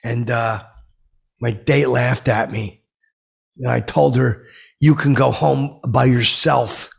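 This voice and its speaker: Playing a self-important, easily offended middle-aged man, this performer rambles indignantly through a comic monologue in a husky, gravelly voice. It's a full character voice, mid-range and slow, with fairly even intonation.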